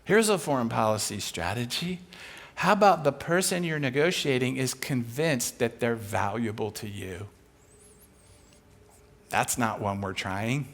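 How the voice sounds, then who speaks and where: A man preaching a sermon as a guest speaker, telling a story in a conversational, humorous way and acting out characters in quick asides. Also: medium pitch, fairly bright tone.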